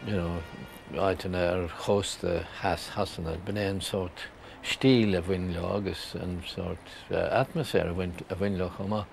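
Older Irish man, deep gravelly voice. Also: steady tone, normal speed, a little hiss or hum. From Ireland. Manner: chuckling, hesitant with many fillers. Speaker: storyteller. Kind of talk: casual reminiscing in Irish and English.

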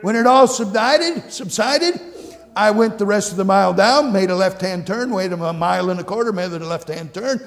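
A high-pitched man preaches in a church sanctuary, his voice trailing off into a long reverb. He tells his own story earnestly, repeating phrases, and moves from quiet, hushed lines to bursts of exclamation. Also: normal speed. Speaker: pastor. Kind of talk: sermon with personal testimony.

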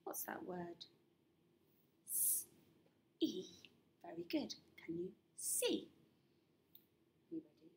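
A woman teaching young children to read and spell, speaking slowly and patiently, with a gravelly edge to her voice. She sounds out each letter with steady encouragement, and a faint hiss sits behind her. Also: medium pitch. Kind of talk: phonics lesson for young children.

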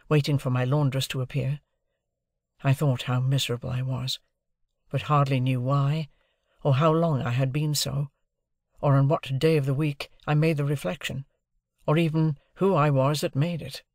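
A male narrator reads a classic novel aloud, phrase by phrase, in a measured, even way. His voice has a noticeable gravelly texture, and the recording is dry and close. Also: medium pitch, no room sound. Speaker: audiobook narrator. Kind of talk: audiobook reading of a classic novel.

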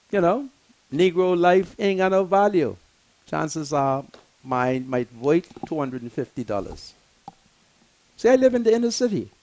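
An older man, hosting a talk show in an impassioned, emphatic monologue that swings between loud and soft. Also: a little high, poor audio.

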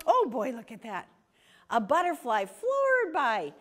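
A woman reading a picture book aloud to children, animated and full of questions for them. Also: high voice, a little slow. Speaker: children's storytime reader.

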